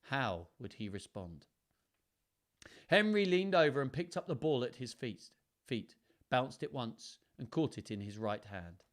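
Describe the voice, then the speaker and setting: A man's voice: mid-range voice, sing-song, unhurried. A man hosting a live storytime, reading aloud and chatting playfully to viewers between passages. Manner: playful, chatty, self-mocking asides.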